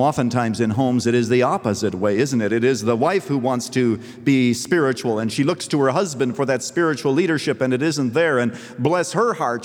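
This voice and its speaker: Man preaching in a reverberant hall. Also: medium pitch. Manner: animated preaching, voice rising and falling sharply. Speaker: pastor. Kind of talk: sermon. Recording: long reverb of a large hall.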